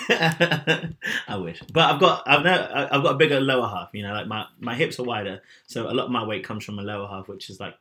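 A man's voice: mid-range voice, a little fast, pushed and bright. A young man in casual chat who talks in a chatty, teasing way and laughs often.

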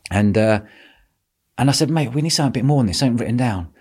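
A man hosting a podcast, telling a lively story with lots of laughter and quoted voices. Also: medium pitch, very fast, breathy edge. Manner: animated, laughing, acts out quotes. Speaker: podcast host. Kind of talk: casual storytelling chat.

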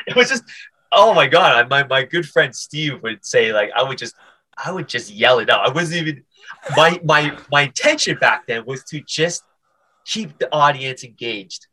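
There's slight background noise as a male comedian with a mid-range voice tells stories at a moderate pace on a podcast. The casual interview is lively, marked by many stammered restarts and acted-out voices.

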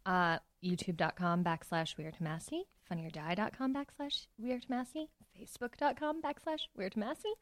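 A woman, a comedy duo member, talking in a casual podcast interview, lively and quick to laugh. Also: medium pitch, dry recording.

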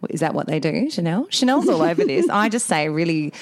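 Animated woman with a lively, lowish voice. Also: brisk. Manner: animated, giggly, exclaims a lot. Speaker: co-host. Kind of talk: casual podcast chat.

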